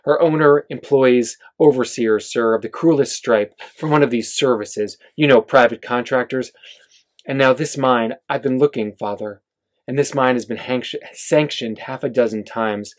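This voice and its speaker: A man's voice: medium pitch, moderate pace, lightly acted. A man reading aloud as a desperate man pleading urgently for his wife, at a bookstore reading. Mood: fervent.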